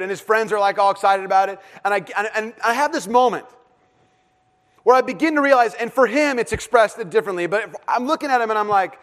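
A man in his thirties, a pastor, brings a family story to life in his sermon and laughs often as he tells it. His voice is high and his pace brisk.

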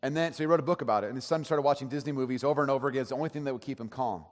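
A man's voice: mid-range voice, very fast. A man giving a sermon as pastor, telling a story in a conversational way with frequent restarts. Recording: long hall reverb.

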